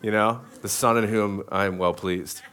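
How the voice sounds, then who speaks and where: A man's voice: lowish voice, steady tone, normal speed. Male pastor, 30s, chatty sermon, jokes and asks the crowd things. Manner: casual, joking, many restarts, asks the crowd.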